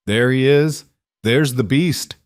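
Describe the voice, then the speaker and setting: A man's voice: on the low side, lively intonation, normal speed, a little mellow, no echo, clean studio sound. A man voicing a cruel, sneering young werewolf villain who mocks his brother in an audiobook. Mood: taunting. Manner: taunting, mocking.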